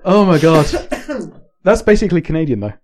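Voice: mid-range voice, big pitch swings, fairly quick, a little mellow. A player chatting casually during a party game, often flustered and laughing. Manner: giggly, flustered.

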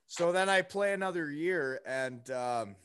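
A man's voice: on the high side, lively intonation, unhurried, a bit bright, clear, resonant tone, no room sound, studio quality. A young man telling a story in casual chat, rambling with lots of fillers and asides. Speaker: podcast guest.

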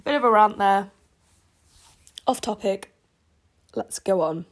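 A woman's voice: mid-range voice, expressive, slow. A young woman reading her old fan fiction with casual commentary, chatty, swearing and laughing at herself.

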